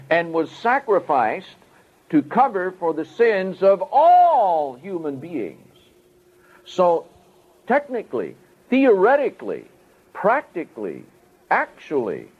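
A man preaching a sermon, teaching step by step and stressing key words with strong rises and falls. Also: medium pitch. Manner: emphatic, rising and falling for stress. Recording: tinny phone-like audio.

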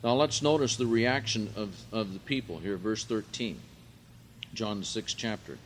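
A man preaching a sermon, reading scripture aloud and explaining Greek words, rising in pitch and volume for emphasis. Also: moderate pace, a little hiss or hum.

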